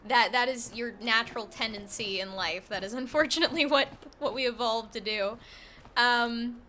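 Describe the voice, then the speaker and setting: A woman's voice: fairly high pitch, normal speed, sharp tone, a little hiss or hum. A woman streaming a game, chatting casually, swearing freely, and laughing often. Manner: profane, frank, laughs often. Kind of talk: casual gameplay commentary.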